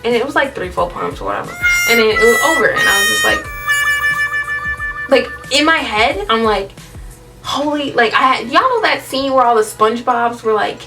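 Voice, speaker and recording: A woman's voice: a little high, lively intonation, brisk, distant mic, over music. A young woman telling a candid storytime on her vlog, chatty and dramatic, full of slang and laughing often. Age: young adult. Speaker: vlogger.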